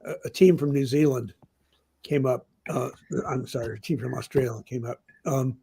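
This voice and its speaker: A man's voice: mid-range voice, steady tone, moderate pace, gravelly, mellow, slightly rough. An older man, a journalism professor, telling rambling anecdotes in an interview, full of "I mean" and "you know.". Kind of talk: anecdotal conversation.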